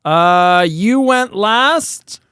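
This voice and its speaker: Smooth, lively podcast guy. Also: high voice, extremely slow, no room sound, clean studio sound. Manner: swears freely, animated. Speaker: podcast co-host. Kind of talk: casual chat.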